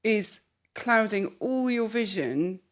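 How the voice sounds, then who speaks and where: Soft-spoken woman counsellor. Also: medium pitch, animated, slow. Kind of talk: counselling conversation.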